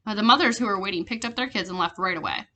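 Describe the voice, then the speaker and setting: A woman reading a children's chapter book aloud, steady with small slips and restarts. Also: medium pitch, very fast. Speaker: reader.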